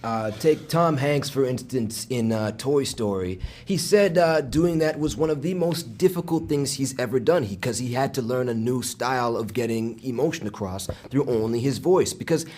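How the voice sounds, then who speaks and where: A man with a voice of ordinary pitch, answering interview questions about his craft. He explains at length in full, measured sentences. The delivery is calm and conversational. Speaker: voice actor guest. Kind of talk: casual interview chat.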